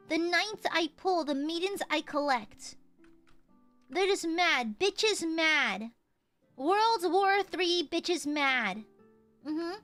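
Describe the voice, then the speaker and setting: A woman's voice: very high-pitched, sharp tone. A woman streamer chatting casually while gaming, playful and boastful, swearing freely and laughing often.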